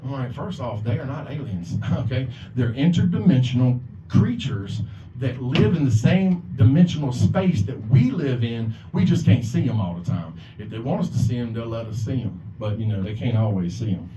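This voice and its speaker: Expressive and moderately paced, a mid-range male voice hosts an open mic on a bar or club stage, wandering through a swear-filled stand-up bit and acting out other people's voices. The distant, echoey, lo-fi recording has background noise.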